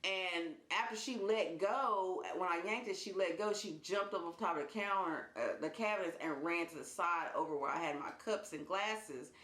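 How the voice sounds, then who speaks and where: A woman vlogger telling a personal story in a casual, animated way, laughing as she goes. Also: fairly low pitch, normal speed, few pauses. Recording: roomy indoor echo.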